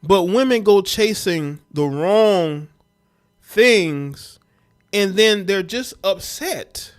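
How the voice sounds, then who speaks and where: A man's voice: sits high, expressive, extremely slow, faint music behind. Blunt, scornful man hosting a livestream. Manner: blunt, scornful, talks straight to viewers. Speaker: livestream host. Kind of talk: livestream commentary.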